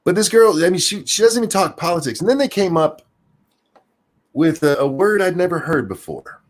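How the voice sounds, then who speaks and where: A man's voice: high-pitched, brisk. Southern guy ranting on a podcast, voice swings up and down a lot, swears a bunch. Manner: animated, profane, repeats words when starting sentences. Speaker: podcast co-host. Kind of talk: casual ranting chat.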